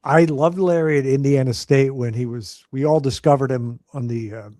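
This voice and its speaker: A man's voice: medium pitch, steady tone, normal speed, a little mellow, no room sound. Dry-sounding man hosting a chat. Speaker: podcast host. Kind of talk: casual interview chat.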